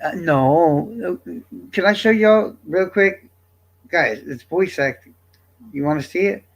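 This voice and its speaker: A man livestreaming, talking to his chat in a casual, profane, defensive rant that swings between loud and quiet. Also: a little high, slow, creaky.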